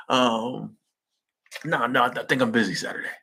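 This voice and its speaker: A man's voice: medium pitch, normal speed, gravelly, pauses often, bright, forceful tone, breathy edge. A young man hosting a live stream, chatting casually with viewers in slangy speech and laughing at his own jokes. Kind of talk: casual chat reading viewer comments.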